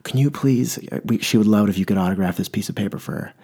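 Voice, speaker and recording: An eager, flustered parent stumbles over words while asking a star for an autograph, played by a man. The voice is low and mellow, close to his own, and full of halting starts. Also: husky. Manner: hesitant, halting, full of uhs.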